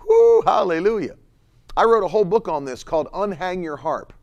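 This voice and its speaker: A man preaching a sermon with a lively, swooping delivery. His voice sits a little high, and he stretches key words and cries out loud when he quotes scripture. He laughs lightly between points. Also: fast talker, lo-fi sound. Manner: laughs between points, reads chat comments.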